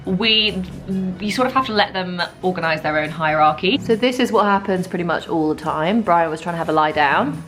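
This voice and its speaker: A young woman chatting casually in a relaxed way for her vlog, with lots of asides. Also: lowish voice, a little fast, hardly any pauses, soft background music. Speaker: vlogger. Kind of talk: casual chat.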